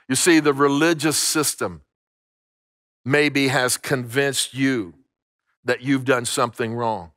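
A man's voice: medium pitch, fairly even intonation, slow pace, pauses often, fairly bright tone, no room sound, clean studio sound. A middle-aged man preaching a sermon as pastor, emphatic, repeating phrases and restarting words. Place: church sanctuary.

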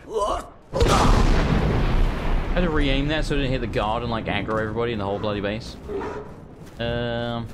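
A man's voice: medium pitch, very noisy. A man hosting a let's play, giving casual gameplay commentary, joking and cursing freely. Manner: laughs often, swears casually.

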